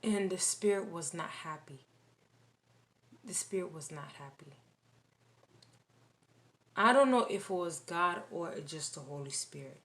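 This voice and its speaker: A woman recounting a dream in casual spoken testimony, halting and repeating phrases with many restarts. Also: lowish voice, lively intonation, fairly bright tone.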